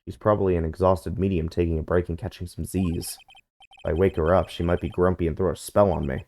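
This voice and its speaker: A man's voice: low voice, little pitch movement, brisk, a little mellow. A man reading game dialogue aloud in a dry, wry tone during a playthrough.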